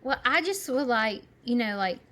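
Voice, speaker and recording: A woman, co-hosting a podcast over a video call, animated and rambling, laughing often. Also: on the high side, normal speed. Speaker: podcast co-host. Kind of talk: casual chat.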